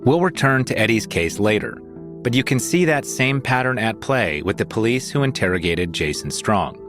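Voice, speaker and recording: Low-voiced man narrating over music. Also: expressive, normal speed. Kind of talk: scripted narration.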